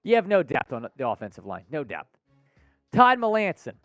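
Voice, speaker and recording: Animated man hosting a live sports stream. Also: a little high, normal speed, no room sound, faint music behind. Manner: lively, animated, answers viewer comments by name. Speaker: sports show host. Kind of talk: live stream sports talk reading chat.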